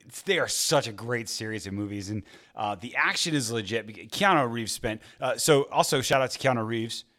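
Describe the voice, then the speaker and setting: A man's voice: mid-range voice, moderate pace, a bit bright. A man in a casual podcast chat, rambling with lots of fillers and frequent laughs. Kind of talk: casual chat about movies.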